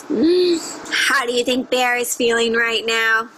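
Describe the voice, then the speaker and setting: Bright-voiced woman reading aloud to kids. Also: fairly high pitch, slow, slight background noise, poor audio. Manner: expressive, asks children questions. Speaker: teacher. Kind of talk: read-aloud storytelling for children.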